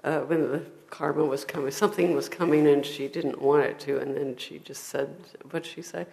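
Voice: medium pitch, steady tone, moderate pace, vocal fry, darkish tone. An audience member speaking up in a group talk, hesitant and searching for words. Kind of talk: question from the audience.

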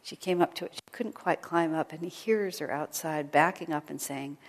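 A woman gives an informal spiritual talk to a small group, in a gentle, conversational way that now and then sinks to a near whisper. Her voice sits a little low. Long reverb from the hall trails behind her words. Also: normal speed. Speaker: spiritual teacher.

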